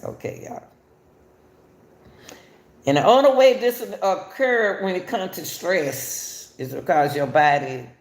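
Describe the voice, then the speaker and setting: Speaking in a low, creaky voice that reverberates around her, this older host chats casually with her viewers. She tends to repeat herself and keeps addressing everyone as "y'all."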